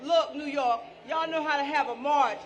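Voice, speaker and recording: A woman's voice: high voice, normal speed, lo-fi sound. A woman speaking at an outdoor street rally, folksy and playful, leading the crowd in chants. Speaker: rally speaker, organization leader.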